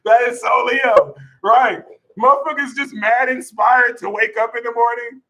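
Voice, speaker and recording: A man giving a live astrology talk to his audience in an animated, jokey manner with plenty of swearing. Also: very high voice, moderate pace, low-quality recording. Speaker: astrology reader.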